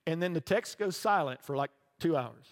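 A middle-aged male pastor preaching in a church sanctuary, his fairly high voice ringing with a long hall reverb. He tells stories in a loose, conversational way and keeps checking in with his listeners. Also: expressive, moderate pace. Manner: conversational storytelling, often checks in with "right?". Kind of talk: sermon.

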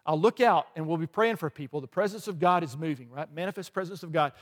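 A pastor preaching a lively sermon in a church, with rhetorical questions, asides and small laughs. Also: male voice, a little high, quick pace. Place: church sanctuary. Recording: long hall reverb.

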